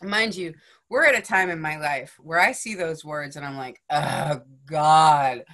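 With a deep voice and a moderate pace, a woman tells a story as a guest on a podcast, keeping things casual. She's outspoken and animated, cursing freely and finishing lines with "right?" and "you know?"

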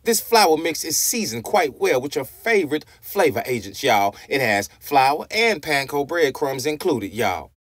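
A man's voice: a little high, very animated, a little slow, hardly any pauses, dry recording. A man hosting a cooking tutorial vlog, enthusiastic and talking straight to his viewers, asking them questions and saying "y'all" in nearly every sentence. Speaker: cooking channel host.

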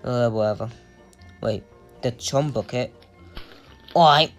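A young gamer giving casual, excitable commentary on play, swearing often and breaking into silly singing. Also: medium pitch, slow pace, soft background music. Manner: excitable, swears a lot, sings and squeals. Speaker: gameplay commentator.

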